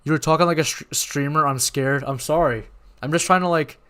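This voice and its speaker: A young man hosting a live watch party, talking in a rambling, excitable way and often apologizing. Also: fairly high pitch, brisk, smooth. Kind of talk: live-stream reaction chat.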